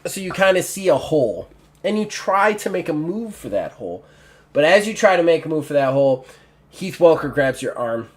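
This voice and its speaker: A man's voice: on the high side, big pitch swings, moderate pace. A man running a tabletop game as game master, narrating in a rambling way full of fillers and restarts. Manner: rambling, filler-heavy, self-correcting.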